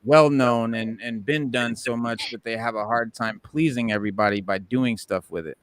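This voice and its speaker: A man's voice: mid-range voice, moderate pace, clear, resonant tone, no room sound. A man hosting a casual podcast, reading news items with lots of filler words. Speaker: podcast host.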